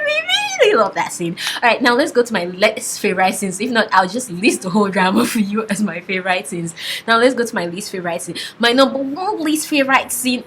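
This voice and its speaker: A young woman reviewing a drama episode in an excited, casual way, giggling and breaking into high squeals. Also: a little hiss or hum.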